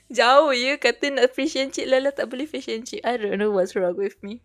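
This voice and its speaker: A woman's voice: on the high side, steady tone, fairly quick. A young Malaysian woman with a Malaysian English accent, chatting casually on her livestream and switching between English and Malay. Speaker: VTuber streamer. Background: faint background music.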